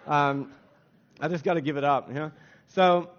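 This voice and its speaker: A man's voice: fairly high pitch, fairly even intonation, moderate pace, dull audio. An American man preaching a sermon in a casual, conversational way, often restarting phrases and using fillers. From United States. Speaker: pastor.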